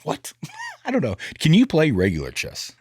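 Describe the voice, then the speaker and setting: A man hosting a sales podcast in casual chat, animated and joking, acting out bits of dialogue. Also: on the high side, normal speed, slightly rough, no echo, clean studio sound.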